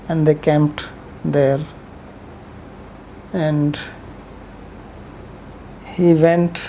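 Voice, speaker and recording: A woman's voice: deep voice, warm tone, a little hiss or hum, rough recording. A woman giving a rambling, conversational scripture lecture, telling stories with frequent asides.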